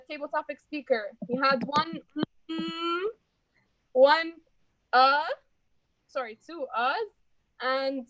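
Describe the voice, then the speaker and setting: A woman's voice: high voice, fairly bright tone, dry recording, rough recording. A woman reports filler-word counts to her speaking club in a chatty, encouraging way and calls people dear. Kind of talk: friendly report and breathing exercise.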